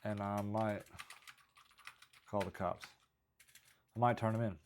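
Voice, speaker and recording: A man in a casual vlog, talking haltingly about his stand-up material and second-guessing his own jokes. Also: on the low side, steady tone, a little hiss or hum. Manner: halting, rambling, self-critical, frequent restarts. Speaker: stand-up comedian.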